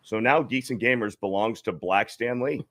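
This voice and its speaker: Male stream host, bright tone, loose jokey delivery. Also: mid-range voice, normal speed. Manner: joking, laughs often. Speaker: host reading super chats. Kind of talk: casual live-stream chat.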